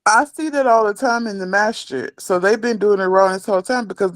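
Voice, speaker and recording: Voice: medium pitch, fairly quick, dry recording. Student reading a list aloud. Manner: reads a list aloud, then asks casual questions. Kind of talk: classroom reading and questions.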